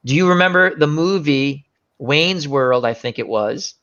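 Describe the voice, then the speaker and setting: A man hosting a casual chat show, talking about movies with animated retellings. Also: a little high, measured pace, highs cut off. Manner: animated, acts out movie scenes in voices. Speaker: show host.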